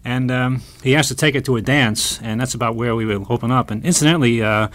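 A man's voice: mid-range voice, quick pace, fairly bright tone, no echo. A man co-hosting a radio interview, chatty and joking as he introduces clips. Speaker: co-host introducing archive clips.

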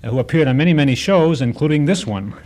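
A man's voice: fairly high pitch, animated, fast talker, a little mellow, soft background music. A man co-hosting a radio interview about old radio programs, speaking in a friendly, conversational way. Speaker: radio program collector co-host.

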